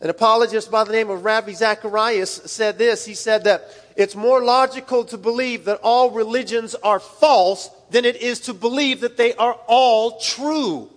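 Man preaching, very high voice, casual folksy asides, long hall reverb. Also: moderate pace. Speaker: pastor. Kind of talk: sermon.

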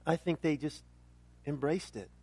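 A pastor preaching a sermon emphatically, building to loud questions and then dropping quiet and intense. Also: male voice, fairly high pitch, a little slow, husky.

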